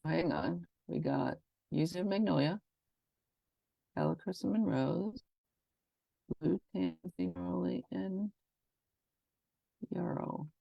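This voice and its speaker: A woman with a low, gravelly voice rambles chattily through a casual product rundown. She stumbles over names and goes back to correct herself. The sound is close and dry. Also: dark tone, dry recording. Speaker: essential oil presenter.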